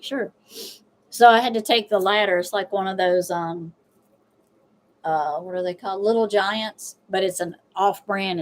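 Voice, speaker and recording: A middle-aged woman in casual livestream chat, with an ordinary mid-range voice. She rambles through homey anecdotes and breaks into laughter often. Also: mid-range voice. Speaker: tarot reader and host.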